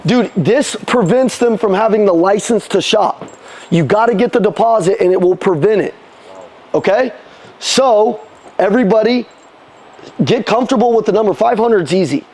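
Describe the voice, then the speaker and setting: Sales trainer, male, high voice, punchy call-and-response coaching to a live room. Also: a little mellow. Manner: casual, swears, quick restarts.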